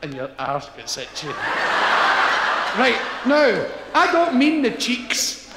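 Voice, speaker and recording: A Scottish comedian spins a rambling live story and bursts into shouted, high-pitched character voices. His voice rides high and swoops all over, in a roomy hall where audience laughter and reverb fill the background. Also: wildly swooping pitch, slow, very noisy. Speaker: stand-up comedian. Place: large concert hall before a laughing audience.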